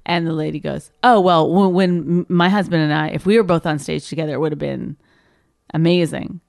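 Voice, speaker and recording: Gravelly-voiced woman telling a comic story. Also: deep voice, fairly quick, no echo, clean studio sound. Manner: animated, lots of "like" and "I go", acts out quoted voices. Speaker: stand-up comedian. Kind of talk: casual storytelling chat.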